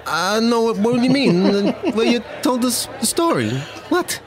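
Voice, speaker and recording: A man's voice: extremely high pitch, sing-song, a crowd in the background, pitched above the performer's own voice. A man doing a New Jersey mobster impression, brash and menacing, in a comedy bit. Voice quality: brash, menacing, rapid-fire. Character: hot-tempered male New Jersey mobster.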